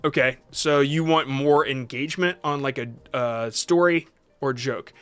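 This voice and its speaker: A man's voice: medium pitch, unhurried, fairly bright tone, smooth, soft background music. A man hosting a casual livestream, reading chat questions aloud and answering off the cuff with many fillers and restarts. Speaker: livestream host reviewing shorts.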